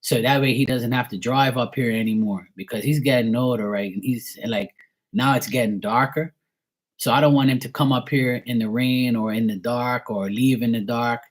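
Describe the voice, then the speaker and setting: A man's voice: medium pitch, normal speed. A man in his forties from Bermuda, telling a personal story in a rambling, blunt, heavily profane way with many fillers. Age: 40s. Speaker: tarot reader streaming live.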